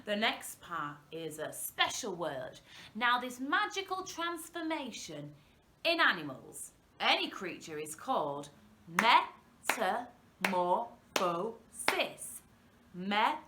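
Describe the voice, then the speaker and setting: A woman's voice: medium pitch, echoey room. A young woman presenting an interactive singalong lesson for young children, encouraging them and stretching out her words. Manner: animated, encouraging, drawn-out words. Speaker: primary school workshop presenter.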